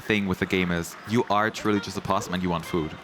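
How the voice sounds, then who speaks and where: A man presenting a game at an event booth, chatting excitedly and often laughing as he plays. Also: deep voice, fast talker, background noise. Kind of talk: casual game commentary. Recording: game music playing behind. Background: game music.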